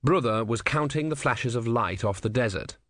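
A man narrates a comic fantasy novel for an audiobook. His reading is expressive, with lively pitch. The recording is dry and close. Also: normal speed, dry recording.

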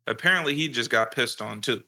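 A man in casual chat, telling a childhood story in a lively, profane way. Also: mid-range voice, fairly quick. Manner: animated profane storytelling with laughs.

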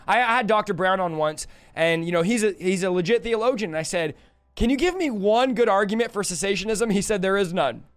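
Fiery high-voiced male live-stream preacher. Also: expressive, fairly quick, faint music behind. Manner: emphatic, preachy, rising to loud exclamations. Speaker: preacher answering viewer questions on a live stream.

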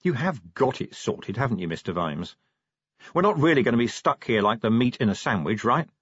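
A man's voice: mid-range voice, lively intonation, fairly quick, breathy edge, no echo. A man doing a hopeful, jittery old sergeant. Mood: pleading. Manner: hopeful, wheedling. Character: anxious cheerful veteran male police sergeant. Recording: dull dry audiobook recording.

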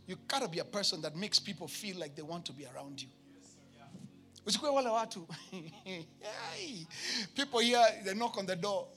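A man with a Kenyan accent preaching a sermon to his church, emphatic, with shouted peaks and comic asides. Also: sits high, very animated, normal speed, vocal fry, faint music behind. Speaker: pastor.

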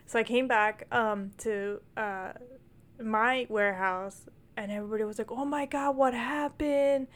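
A young woman in casual chat, telling funny stories with laughs and quick restarts. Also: fairly high pitch. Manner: laughing storyteller, trailing off and restarting. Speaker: co-host.

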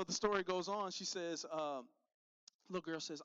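A man's voice: high-pitched, normal speed, a bit bright, clean tone, no room sound, muffled recording. A man giving a direct, punchy youth sermon as pastor, talking straight to his crowd.

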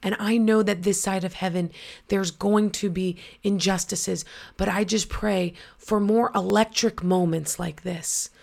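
A woman's voice: medium pitch, steady tone, a little slow, gravelly, a little mellow. A woman podcast host reading a first-person story aloud and then reflecting on it earnestly.

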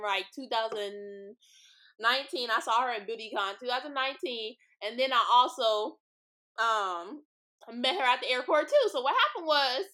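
A young Los Angeles woman hosts a podcast from a street-side spot where cars pass by. Her high voice sounds pushed and bright as she tells stories in a blunt, profane, chatty monologue packed with "like" and "y'all."

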